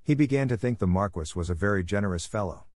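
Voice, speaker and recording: Man, storybook narration, steady, fairly low pitch, dry studio sound. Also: fast, dry recording. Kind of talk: scripted audiobook narration.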